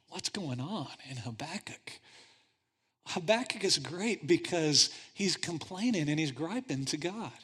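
High-voiced animated male pastor. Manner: animated storytelling, swinging from hushed to loud. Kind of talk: sermon. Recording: long church-hall reverb.

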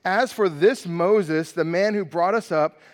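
A middle-aged male pastor preaching a sermon, lively and quizzing the congregation with questions. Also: high-pitched, unhurried, big-room sound.

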